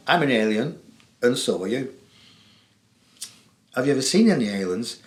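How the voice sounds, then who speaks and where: A chatty English man hosts a call-in show on spiritual matters, talking straight to his viewers. He jokes a lot and laughs easily, at an ordinary middle pitch, and his voice carries the echo of the room. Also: animated, a little fast, long pauses. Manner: chatty, jokey, laughs often. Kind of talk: casual monologue to viewers.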